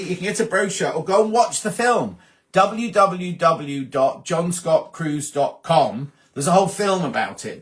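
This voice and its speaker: Guy chatting through viewer comments on a livestream, a bit high voiced, friendly. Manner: chatty, reads out comments and answers them warmly. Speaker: host. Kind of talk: casual live-stream chat reading viewer comments.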